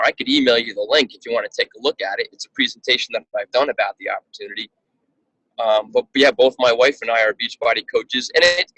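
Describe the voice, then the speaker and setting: A man's voice: medium pitch, sharp tone, no room sound, low-quality recording. A man coaching a team member over a call, talking earnestly and often repeating words as he restarts his sentences.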